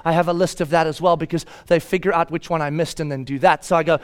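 A high-pitched middle-aged man delivers a sermon in a storytelling way. He builds from quiet reflection to loud, shouted reenactments of his own temper at home. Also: steady tone, quick pace, hardly any pauses, smooth. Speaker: pastor.

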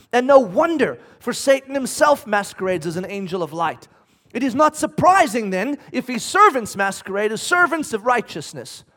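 A man preaching a sermon, animated, acting out quotes with the odd laugh. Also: high voice. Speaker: pastor.

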